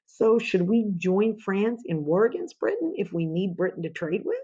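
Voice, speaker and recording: A woman's voice: medium pitch, very animated, moderate pace, mellow, slightly rough, muffled recording. A woman teaching a history lesson in an informal, conversational way, asking rhetorical questions as she goes. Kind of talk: informal classroom lecture.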